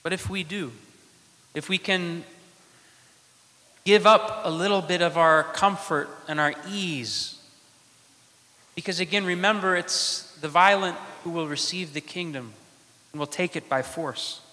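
This priest's sermon moves in short phrases separated by dramatic pauses, delivered in a slow, deliberate cadence. He has a somewhat high, bright and forceful voice, ringing out with the church's long reverb.

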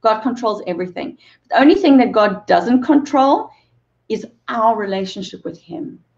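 A woman's voice: on the high side, lively intonation, moderate pace, vocal fry, a little mellow, highs cut off. A woman in her forties, a movement coach and interview guest, telling an emotional personal story with earnest repeated phrases and bits of laughter.

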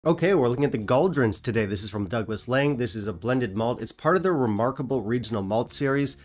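A man's voice: medium pitch, animated, quick pace. Dry-humored man hosting a whisky review. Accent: non-British English. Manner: dry, self-mocking humor. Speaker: whisky reviewer, channel host. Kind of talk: casual scripted review.

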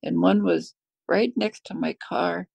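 A woman's voice: on the low side, steady tone, takes it slowly, gravelly, darkish tone, husky, dry recording. A middle-aged American woman telling a heartfelt personal faith story, emotional and tearful at times. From United States. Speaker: guest sharing a faith testimony.

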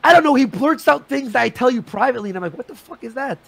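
A man in his thirties arguing heatedly on a live stream, agitated and swearing, talking in quick bursts full of restarts. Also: very high voice, animated, gravelly, no room sound. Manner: agitated, swearing, rapid shifts in loudness.

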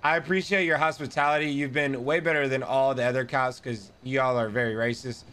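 A young man role-playing a brash, indignant man who loudly and repeatedly heckles a police officer in an online role-play game. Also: mid-range voice, fairly even intonation, brisk, natural voice. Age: young adult. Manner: loud, repetitive, heckling. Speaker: streamer.

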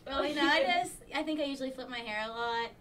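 A woman's voice: high-pitched, fast, fairly bright tone, distant mic. A young woman co-hosting a casual chat in a playful, giggly way. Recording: crowd noise, off-mic.

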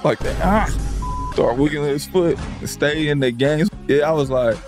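A man telling stories casually on a podcast, acting out other people's lines in high, exaggerated voices. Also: unhurried, darkish tone, faint music behind. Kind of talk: casual storytelling chat.

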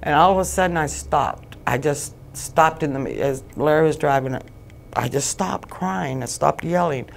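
A woman giving emotional personal testimony as an interview guest, halting and repeating phrases as she relives what happened. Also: sits low, lively intonation, vocal fry, slight background noise. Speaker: guest, bereaved mother.

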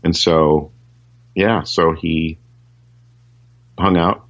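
A man's voice: low-pitched, steady tone, very slow, fairly bright tone, muffled recording. A man, a session guitarist, telling anecdotes in a casual interview, rambling with lots of fillers and restarts.

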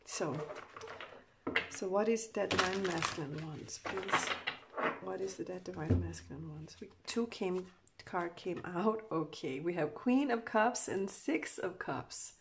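A tarot reader, a woman with a voice on the low side, gives a channeled love reading at a measured pace over a noisy background. She rambles with lots of "you know" fillers and speaks emotively for the couple, voicing what they feel.

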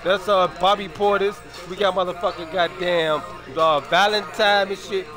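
A man's voice: high voice, steady tone, normal speed, music in the background. A young man from Chicago with a Chicago accent, chatting casually on his stream in slangy, profane talk full of drawled repeats.

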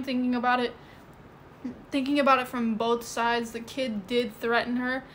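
A woman's voice: fairly high pitch, a bit bright, slight background noise. A woman livestreaming from indoors, chatting casually and rambling, with lots of "like" and "you know". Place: indoors at home. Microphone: phone.

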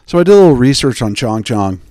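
A man hosting a podcast, telling jokey, digressive stories and slipping into quick impressions of the people he quotes. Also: mid-range voice, very animated, warm tone, no room sound, studio quality. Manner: digressive, joking, mimics people in quoted asides. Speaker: podcast host. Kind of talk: rambling comedic podcast chat.

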